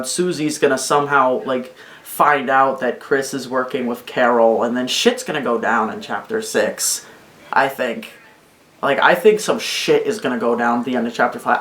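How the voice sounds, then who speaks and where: A woman ranting excitedly about her video game theories in a rambling, swearing, casual way. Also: very deep voice. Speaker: video host. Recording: echoey room.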